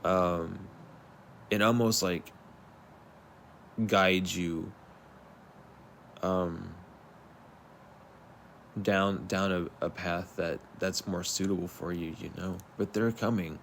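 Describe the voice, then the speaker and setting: A man's voice: deep voice, steady tone, slow pace, creaky, long pauses, a little hiss or hum. A man giving an earnest, rambling spiritual pep talk, speaking straight to the viewer in a soothing, repetitive way. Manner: earnest, rambling, repeats himself. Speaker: spiritual reader.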